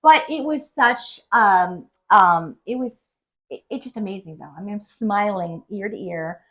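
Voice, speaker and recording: A woman's voice: mid-range voice, moderate pace, fairly bright tone, dull audio. A middle-aged woman, a guest on a podcast, telling her personal story in a casual, emotional and rambling way. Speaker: patient guest.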